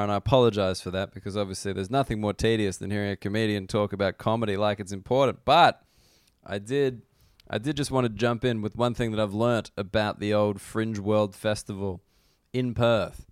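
Australian comedian, solo pod chat, self-deprecating, lowish pitch, dry close mic. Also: male voice, fairly even intonation, fairly quick, clear, resonant tone, dry recording. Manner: rambling, self-deprecating, swears freely. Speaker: comedian podcast host. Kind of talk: casual solo podcast monologue. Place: corner of a hotel room.

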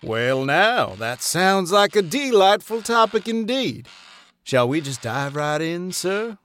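A man plays a self-satisfied colonel in a comedy sketch. He speaks in stiff, formal phrases and talks down to his partner. His voice sits slightly high and moves around with lively ups and downs. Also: takes it slowly, exaggerated voice. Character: smug condescending old colonel, know-it-all. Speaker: comic co-presenter.

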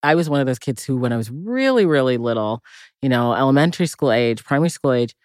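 A woman from Massachusetts, an actress being interviewed, telling lively, reflective childhood stories and often laughing. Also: a bass voice, fast talker, no room sound, studio quality. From Massachusetts, USA. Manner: reflective, vivid listing, breaks into laughter. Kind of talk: casual interview storytelling.

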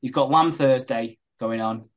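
A man, co-hosting a podcast, retelling a soap plot in a casual, animated way and swearing freely. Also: medium pitch, measured pace. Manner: animated retelling, swears a lot, laughs often. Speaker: podcast co-host recapping a soap.

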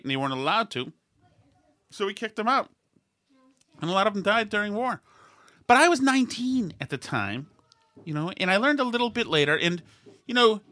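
A man's voice: a little high, sharp tone, dry recording. A man in his fifties from Massachusetts, hosting a podcast with casual political chat and meandering storytelling full of restarts. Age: 50s. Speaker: podcast host.

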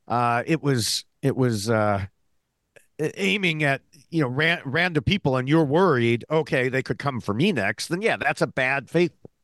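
A male podcast co-host talks casually and builds his points in short, halting bursts. His voice sits at a middle pitch. The recording is dry and close. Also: no echo. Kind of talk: casual discussion.

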